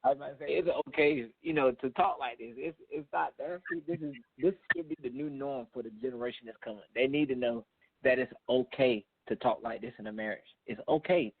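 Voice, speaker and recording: A man's voice: mid-range voice, a little fast, creaky, slightly rough. A man appearing as a married guest on a podcast, talking earnestly with a preachy, faith-driven manner. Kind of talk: casual chat. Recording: dry, tinny phone-line sound.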